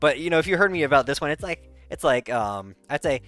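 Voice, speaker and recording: A man's voice: a little high, quick pace, hardly any pauses, a bit bright, dry recording. A man telling a rambling, casual recap, full of fillers, restarts and laughter. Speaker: content creator. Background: faint background music.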